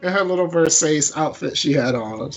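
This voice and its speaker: A man's voice: on the high side, lively intonation, moderate pace, music in the background. A man co-hosting a podcast in casual chat, giggly and chatty, often restarting his sentences. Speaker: podcast co-host.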